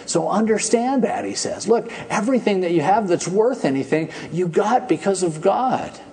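A man preaching a sermon in a conversational, animated storytelling manner. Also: high-pitched, moderate pace. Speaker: pastor.

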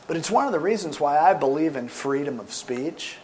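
Animated preaching man, slightly high voice. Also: a little fast, slight background noise. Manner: animated storytelling, swings from loud emphasis to soft asides. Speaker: pastor. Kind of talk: sermon.

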